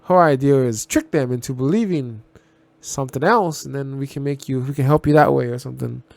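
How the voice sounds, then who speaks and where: Gravelly man rambling through a TV reaction. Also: medium pitch, fairly quick, darkish tone, dry recording. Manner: rambling, restarts and repeats himself, blunt with swearing. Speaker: reaction video host. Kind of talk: casual spoken TV reaction.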